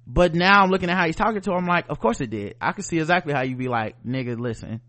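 A man co-hosting a podcast in loose, casual chat, his voice sitting a bit high for a man. He is blunt and swears a lot. He gets animated as he talks. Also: racing. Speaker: podcast co-host.

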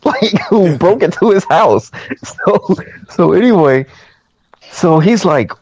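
This man's voice is high and breathy, and he speaks slowly. He's a movie recap podcaster chatting casually, retelling a film's plot with animated storytelling and acting out the characters' lines.

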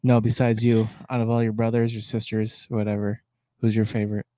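A man's voice: on the low side, monotone, a little fast, mellow, dry recording, clean studio sound. A man co-hosting a casual podcast, teasing with short questions. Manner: teasing interviewer, short replies. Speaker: podcast co-host. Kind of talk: casual chat, asking questions.

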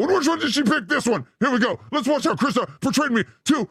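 A man hosts a comedy live stream with playful, theatrical energy. His voice leaps from high squeaks to low growls within a few words, and it sounds close and dry with no room around it. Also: animated, quick pace, few pauses, fairly bright tone, slightly rough, no room sound. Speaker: show host.

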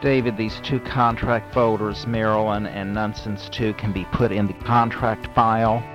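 A man doing a stern low-voiced boss. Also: steady tone, over music, close to an everyday voice, low-quality recording. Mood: dictating. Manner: formal, measured, dictating.

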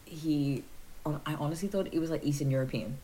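A woman with a Liverpool accent chats easily on a podcast, her voice sitting quite low. She spins stories with quick asides, and a faint hiss sits under the recording. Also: low-quality recording. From England. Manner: chatty, animated storyteller, quick asides. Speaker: podcast co-host. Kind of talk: casual chat.

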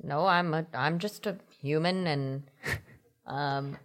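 A man's voice: fairly high pitch, slow, fairly bright tone. A man playing a tabletop role-playing game, making self-deprecating jokes in a comic way. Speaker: player.

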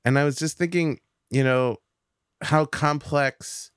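A man's voice: a little high, fairly even intonation, takes it slowly, clean tone, no echo, studio quality. A man, a comedian guest on a podcast, talking casually and reflectively, rambling a little with fillers as he thinks aloud. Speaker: podcast guest, stand-up comic.

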